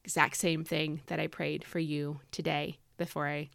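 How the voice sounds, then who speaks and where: A woman's voice: low-pitched, little pitch movement, moderate pace, vocal fry, a bit bright, no echo, clean studio sound. A woman hosting a devotional podcast, talking in an earnest, encouraging way with a slightly scratchy voice. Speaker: podcast host.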